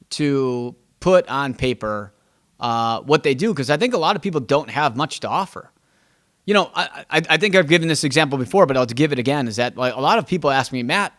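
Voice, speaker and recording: A man's voice: on the high side, a bit bright. A man hosting a podcast as a real estate agent, talking in a casual, emphatic monologue that stumbles and repeats words as he thinks aloud. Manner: acts out quoted exchanges with clients.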